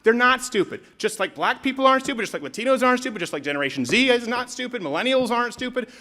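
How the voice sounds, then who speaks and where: A young Canadian man with a very high-pitched voice rattles through a live, sarcastic political comedy routine at great speed, full of energy and sudden yells.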